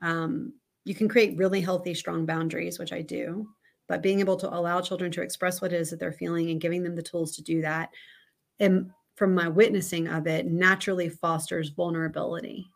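A woman in her thirties speaks as a podcast guest, her voice sitting a little low. She talks candidly and reflectively, telling a story in an easy conversational way. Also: level tone, brisk, vocal fry. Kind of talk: casual interview conversation.

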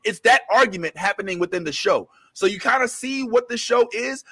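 A man hosting a casual pop-culture talk show, rambling through restarts and fillers and getting animated when he retells scenes. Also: very high-pitched, a little fast, few pauses, husky. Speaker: show host.

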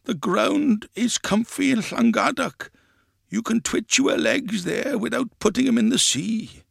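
A man's voice: very high-pitched, a little slow, creaky, a bit bright, husky, no room sound, voice pushed up, full character voice. A stubborn old grandfather, untroubled and certain, speaks in a raised, lilting voice, as a man reading the tale puts him on. He sounds matter-of-fact and settled. The recording is dry and close. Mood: contented.

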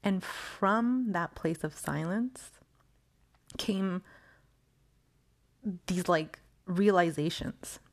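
A woman with a slightly low-pitched voice talks alone as a podcast host. She rambles loosely, full of "um" and "like", and slips into quoted thoughts as she goes. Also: drawn-out words, pauses often. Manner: rambling, frequent laughs and fillers, acts out quoted thoughts. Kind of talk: casual solo monologue.

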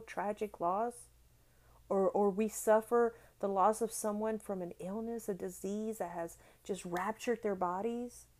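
Woman host of a devotional podcast; earnest, heartfelt delivery that builds when quoting scripture. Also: fairly high pitch. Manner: earnest, heartfelt, repeats phrases for emphasis; swells louder when reading scripture. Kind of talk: devotional encouragement talk.

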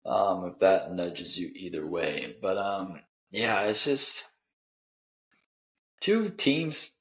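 Deep-voiced sarcastic male podcast host. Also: takes it slowly, fairly bright tone. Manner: dry, sarcastic, many ums. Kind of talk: casual sports chat.

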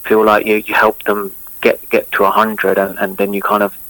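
A man's voice: lowish voice, completely flat delivery, moderate pace, a bit bright, no room sound, rough recording. Rambling man with many fillers. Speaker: former cricketer, guest. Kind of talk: casual interview chat.

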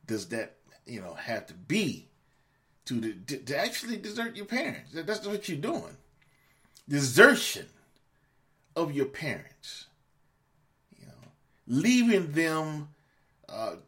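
A man's voice: on the high side, fairly bright tone. A man hosting a podcast, ranting angrily and profanely at his listeners, scolding them and repeating words as he gets worked up. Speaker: podcast host. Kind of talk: angry monologue rant.

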